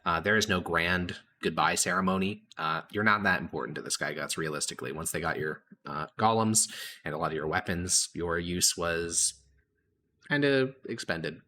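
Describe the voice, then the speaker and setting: A man's voice: low voice, moderate pace, bright, forceful tone. A young man narrating as game master in a casual, hesitant way with many fillers.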